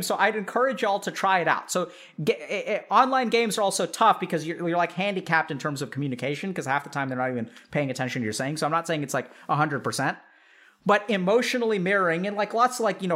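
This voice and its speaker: In a notably high voice, a man who works as a psychiatrist chats loosely and with animation to viewers in a live chat. "Like" crops up constantly, and he calls everyone y'all.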